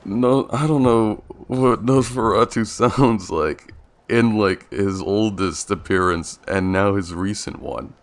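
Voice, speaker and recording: A man's voice: on the low side, slow pace. A young man streaming a video game, chatting casually, laughing often and restarting his sentences. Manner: laid-back, laughs often, hesitant restarts. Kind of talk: casual gameplay commentary.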